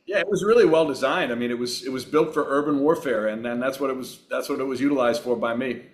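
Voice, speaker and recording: A man in his sixties from Long Island, a guest on a podcast, telling relaxed, rambling anecdotes with plenty of fillers. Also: mid-range voice, fast, a little hiss or hum. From Long Island, New York. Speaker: guest actor. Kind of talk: relaxed storytelling in a podcast interview.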